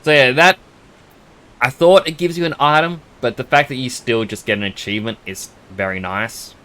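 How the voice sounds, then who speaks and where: A man's voice: mid-range voice, moderate pace, bright, forceful tone. Upbeat Australian man streaming a game. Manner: chatty, upbeat, thanks viewers. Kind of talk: casual live game commentary.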